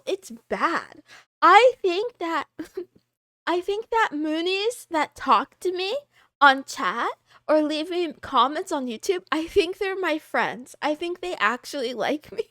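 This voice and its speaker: A woman live streamer chatting casually and greeting her chat, giggly and excitable. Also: high-pitched, no room sound, studio quality.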